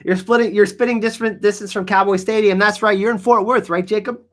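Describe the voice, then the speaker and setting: A man hosting a casual live Q&A stream, reading the chat; excitable, laughing often and saying "like" a lot. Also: high voice, fast. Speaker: livestream host answering chat.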